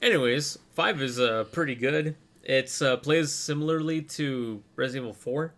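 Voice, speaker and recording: A man co-hosting a casual gaming podcast, talking in a relaxed, rambling way full of fillers. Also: medium pitch, normal speed. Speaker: podcast co-host.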